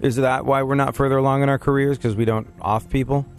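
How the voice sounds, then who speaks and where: A man's voice: medium pitch, fairly even intonation, fast talker, faint music behind. A man hosting a radio show, rambling through jokes and laughing often. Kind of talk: casual banter on a radio show.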